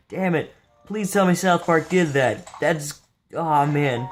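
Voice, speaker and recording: Faint music plays behind a young gameplay streamer who rambles sleepily through his session, joking and swearing. His voice is on the high side, with drawn-out words and long pauses.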